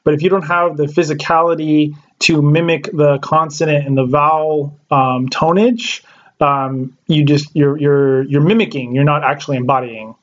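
Podcast host, male, slightly higher voice, loose rambly delivery with fillers and swearing, dull lo-fi audio. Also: fairly even intonation, moderate pace. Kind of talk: casual podcast chat. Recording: lo-fi dull sound.

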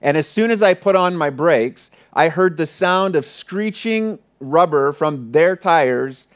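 A pastor preaching, retelling a personal story earnestly and often dropping to a hushed voice. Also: male voice, on the high side, expressive, takes it slowly. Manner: earnest, vivid retelling with many soft hushed passages. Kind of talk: sermon storytelling.

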